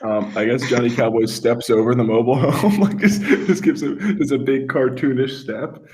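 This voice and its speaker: A man narrating his move in a tabletop game, hesitant and full of pauses. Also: medium pitch, darkish tone, slight background noise. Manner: hesitant, filler-heavy. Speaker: player.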